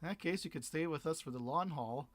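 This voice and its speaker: A man's voice: fairly high pitch, a little fast, natural voice. A man voicing a shrewd ship captain in a game who offers passage for a price in an easygoing, haggling way. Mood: shrewd, easy.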